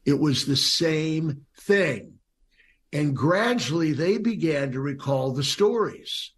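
A man, a churchman heard in an archive clip, recounting a story about his parish in an unhurried way. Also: fairly high pitch, expressive, breathy edge. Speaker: clergyman in archive interview. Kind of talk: recounted anecdote.

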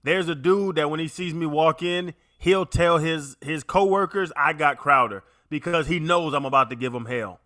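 A man co-hosting a radio show, talking in animated, slangy banter. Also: on the high side, normal speed, few pauses, dry recording, clean studio sound. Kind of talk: casual sports radio banter.

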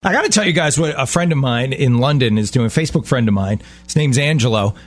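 A man's voice: mid-range voice, lively intonation, fast. A man with a Baltimore accent co-hosting a casual radio show, teasing and laughing often. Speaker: radio co-host.

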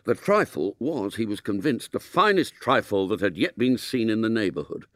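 A man reading a story aloud in an expressive, mock-solemn way. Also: lowish voice, normal speed, dry recording, clean studio sound. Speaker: narrator.

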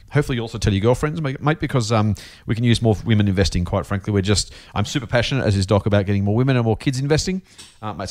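A middle-aged Australian man co-hosting an investing podcast, chatty and enthusiastic as he reads listener questions. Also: on the low side. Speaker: podcast co-host. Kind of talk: casual investing podcast chat.

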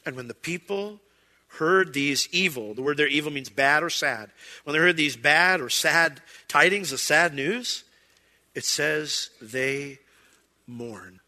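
A man preaching a sermon as pastor, animated and acting out quoted lines. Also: a little high, takes it slowly, big-room sound.

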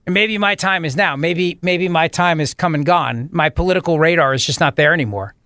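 A male talk radio host with a notably high voice, riffing in a mock-melodramatic, self-mocking way. The studio sound is close and dry, with no room around him. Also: fairly quick, bright, forceful tone, dry recording.

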